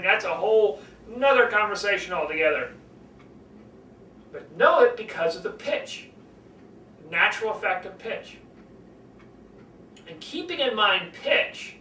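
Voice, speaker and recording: An older man coaching public speaking, lively and animated, swinging his voice up and down to demonstrate. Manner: animated, demonstrates pitch swings, acts out conversations. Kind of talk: speaking lesson to camera. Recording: roomy, from a distance, faint noise.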